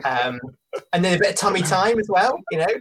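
A man's voice: sits high, brisk. A man in casual chat on a podcast, laughing often as he talks through a question. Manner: laughs often, animated, puts on an Australian voice in jokes. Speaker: podcast guest answering a question.

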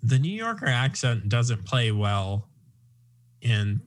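A man's voice: medium pitch, very animated, takes it slowly. A man hosting a casual podcast interview, speaking in a neutral, non-regional American accent. He talks loosely and digresses, then pulls himself back on track. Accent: none, neutral American. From Long Island, New York. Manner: rambling, self-deprecating, digresses. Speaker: podcast host.

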